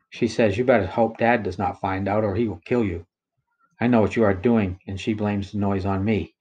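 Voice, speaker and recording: A man reading his own first-person account aloud in a measured, somber way. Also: lowish voice, darkish tone, husky. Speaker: narrator of his own story.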